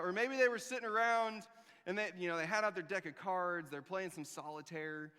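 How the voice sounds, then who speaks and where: A pastor preaching a sermon, telling the story with animated jokes and sarcastic asides. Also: male voice, high voice, brisk, smooth. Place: church. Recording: long reverb of a church hall.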